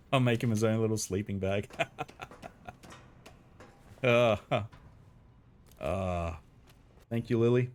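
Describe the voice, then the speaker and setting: Chatty low-voiced male game streamer. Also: very slow, long pauses. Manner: chatty, greets viewers by name, bursts of excited rising pitch; swears and laughs easily. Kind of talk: casual live-stream chat.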